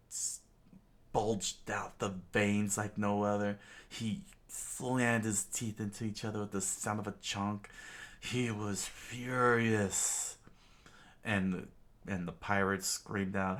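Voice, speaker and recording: A man's voice: on the low side, steady tone, slow, a bit bright. A man reading a comic aloud in a casual way, with stumbles and chuckling asides. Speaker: comic reader.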